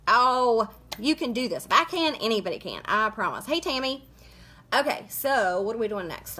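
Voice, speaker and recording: A chatty woman runs a live makeup tutorial, talking viewers through each step and greeting them by name as they join. Her voice sits a little high and sounds bright and forceful. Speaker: makeup livestream host.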